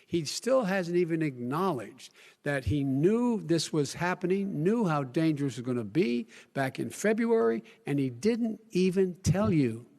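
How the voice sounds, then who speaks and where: An older man speaking earnestly in a televised debate, often repeating phrases and dropping to low, emphatic tones. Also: very animated, a little slow, gravelly, darkish tone. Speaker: presidential candidate. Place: large debate hall. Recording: long hall reverb.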